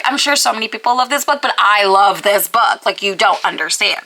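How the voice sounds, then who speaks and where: A woman's voice: on the high side, brisk, hardly any pauses, sharp tone, poor audio. A woman chatting casually to camera as a book vlogger, gushing and filling her talk with "like", sometimes dropping to a whisper for emphasis. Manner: gushing, filler-heavy with frequent "like".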